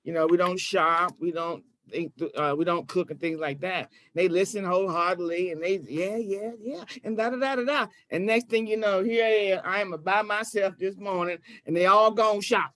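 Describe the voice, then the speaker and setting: A woman's voice: on the low side, fairly even intonation, moderate pace, few pauses, a bit bright, dry recording. A woman in a Bible study group telling a story, hesitant and searching for her words. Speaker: study participant. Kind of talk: casual chat.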